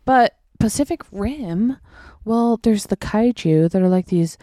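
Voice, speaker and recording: A woman's voice: medium pitch, lively intonation, unhurried, mellow, no room sound, studio quality. A woman in casual chat who tells stories and acts out quoted exchanges.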